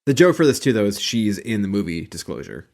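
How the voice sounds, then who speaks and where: A man's voice: fairly low pitch, sing-song, brisk, gravelly, a little mellow. A man co-hosting a podcast, chatting casually and rambling about an old sitcom, swearing and laughing often. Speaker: podcast co-host. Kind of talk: casual chat about a TV show.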